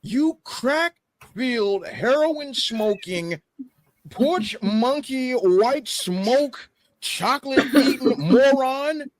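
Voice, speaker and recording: A man's voice: very high voice, extremely slow. A man co-hosting a casual podcast, mocking and joking with the others. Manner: mocking, lively, laughs often. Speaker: podcast co-host.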